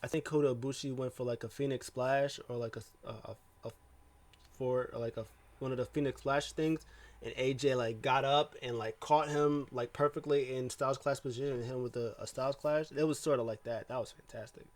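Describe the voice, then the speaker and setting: A man's voice: medium pitch, steady tone, a little fast. A man casually recapping a wrestling show, rambling and heavy with fillers and restarts.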